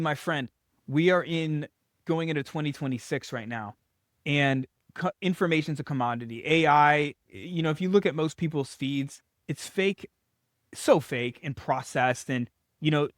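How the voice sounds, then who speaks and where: A man in his thirties giving casual business coaching advice straight to camera, talking loosely with fillers and quick restarts. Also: on the high side, no room sound, clean studio sound. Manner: conversational, frequent fillers and restarts.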